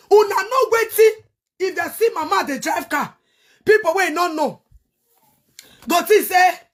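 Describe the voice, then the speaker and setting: Very high-voiced Nigerian woman ranting angrily. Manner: angry, cursing, shouts in bursts. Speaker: online show host. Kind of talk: heated rant to viewers.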